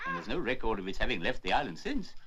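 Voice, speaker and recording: An actor playing a gruff, kindly old English squire in a wheelchair, with bluff, old-fashioned exclamations, in a 1960s film drama. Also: male voice, lowish voice, sing-song, fast talker, background noise. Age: older.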